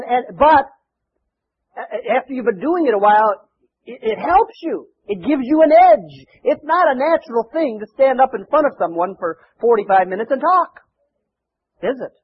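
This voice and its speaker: A man's voice: high voice, slightly rough. A male pastor preaching a sermon in a conversational way, often asking rhetorical questions and repeating words. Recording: dull lo-fi church recording.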